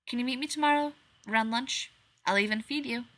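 A woman's voice: on the high side, a little fast, fairly bright tone, pitched above the performer's own voice. A woman voicing a chipper young woman with a predator underneath, speaking in a light, teasing way in a story reading. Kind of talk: fan fiction read aloud.

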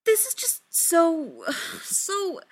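A woman voicing an anxious, excitable man who gets close to hysterical when flustered. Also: very slow, no room sound, heavily acted. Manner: high-strung, rising to near-hysterical.

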